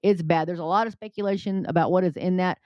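A woman's voice: lowish voice, steady tone, quick pace, no room sound. A woman preaching urgently to her viewers in a casual, rambling way, full of fillers, often calling them folks and guys. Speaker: Christian vlogger. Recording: dry, dull lo-fi home recording.

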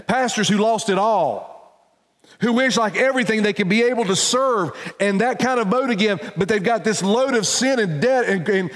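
Earnest preaching man in a reverberant hall. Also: normal speed. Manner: earnest, preacherly, swings from loud emphasis to hushed low tones. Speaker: pastor. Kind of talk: sermon.

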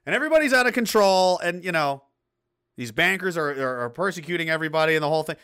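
A man's voice: a little high, animated, quick pace, sharp tone, smooth. A man hosting a casual chat, rambling, swearing and laughing as he talks. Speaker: host.

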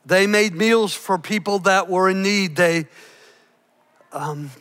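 Bright-voiced older man preaching a sermon. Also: high-pitched, slow pace, clean tone. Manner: emphatic preacher with big swings between loud and hushed. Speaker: pastor. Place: church.

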